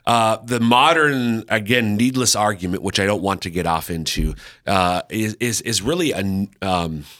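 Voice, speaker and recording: Low, bright-toned male radio host. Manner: thoughtful, many restarts, slows down to stress points. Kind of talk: conversational Bible teaching on a radio show.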